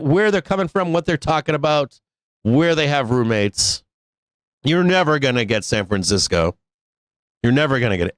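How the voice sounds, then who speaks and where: A man's voice: medium pitch, no room sound. A man hosting a live stock market show, ranting bluntly with swearing, laughs and restarts. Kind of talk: casual live-stream rant.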